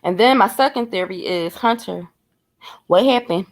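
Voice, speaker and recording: A woman's voice: mid-range voice, moderate pace. A woman giving blunt, profane commentary, speculating and talking straight to her viewers in a casual vlog. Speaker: true crime commentator.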